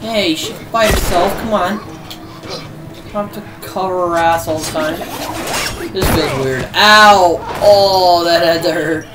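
A man doing live gameplay commentary, frantic and swearing a lot, yelling at enemies. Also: high voice, slow pace, over music. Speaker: let's play gamer.

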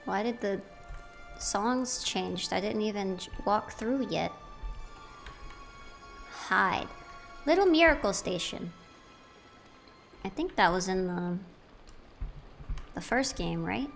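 A woman's voice: medium pitch, animated, takes it slowly, vocal fry, pauses often, soft background music. A young woman giving casual, playful commentary while playing a video game, chatting to the objects she finds. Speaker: let's play gamer.

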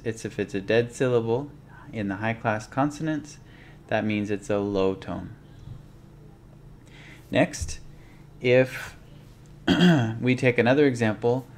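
A man's voice: mid-range voice, a little hiss or hum. A man teaching a language lesson, explaining rules patiently and methodically and stepping through examples one by one.

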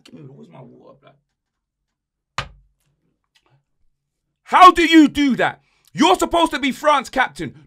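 A man's voice: high-pitched, bright, forceful tone. A young man hosting a football podcast, ranting angrily about his team's loss in heavy slang. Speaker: podcast host and football fan. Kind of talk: heated fan rant.

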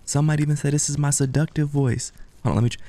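A young man playing a horror game on stream, joking loudly with his viewers. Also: a little high, fairly even intonation, fast, a little hiss or hum. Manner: joking, playful and loud, talking to viewers. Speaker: gaming streamer.

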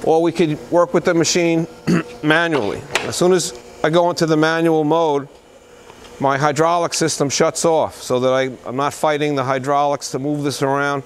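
A man with a slightly raised pitch talks through an unscripted machine demo on an indoor shop floor. He is plain-spoken and halting, and fills his pauses with "uh" and "um". A faint hum sits under his voice. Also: fairly even intonation. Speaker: used machinery dealer. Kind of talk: unscripted product demonstration.

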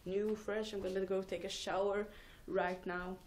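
A woman's voice: medium pitch, level tone, moderate pace, darkish tone. Giggly rambling teenage girl vlogging. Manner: giggly, rambling, self-mocking. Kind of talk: rambling casual vlog. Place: at home.

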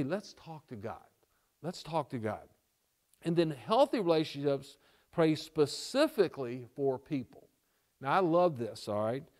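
A man's voice: a little high, a little mellow. A male pastor preaching a sermon, repeating key lines for emphasis and checking in with the congregation with "okay?" and "all right?".

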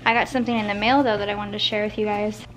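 A woman's voice: medium pitch, flat delivery, racing, a bit bright, slight background noise. A young woman chatting casually at home to a handheld camera, rambling and correcting herself as she goes. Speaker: vlogger. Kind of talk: casual vlog chat.

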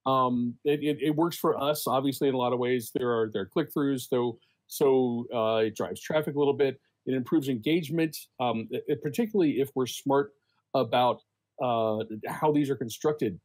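A man on a casual podcast panel, a journalist, speaking haltingly with frequent repeated words and restarts. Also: mid-range voice, a little mellow, rough recording.

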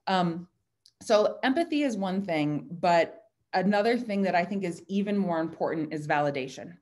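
A woman speaks on a video call, chatty and animated as she walks through leadership ideas. Her voice sits a little low for a woman, and she drops into lively quoted asides. It sounds like a computer mic. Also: normal speed. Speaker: design director speaking at a virtual happy hour. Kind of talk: casual talk on leadership.

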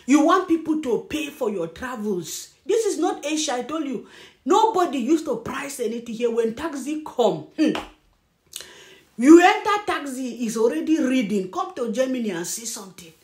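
A woman's voice: high-pitched, moderate pace. A woman with a Nigerian Pidgin-influenced English accent, hosting a taunting, laughing commentary rant. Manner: taunting, laughing, loud and animated. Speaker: channel host. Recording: echoey room.

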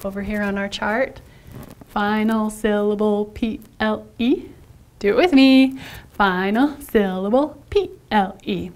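A woman teaching first graders sight words, animated and spelling out letters one at a time. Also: mid-range voice, slow pace. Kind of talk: sight word lesson for children.

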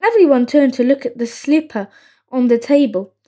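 A woman narrating a children's storybook in a slow, expressive reading. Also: high voice.

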